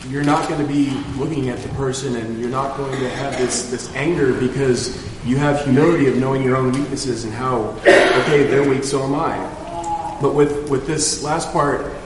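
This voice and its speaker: A man in a Bible study group sharing a thoughtful, halting reflection. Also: mid-range voice, crowd noise. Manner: thoughtful, halting, restarts phrases. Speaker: class member. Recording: distant voice in an echoey hall with background noise.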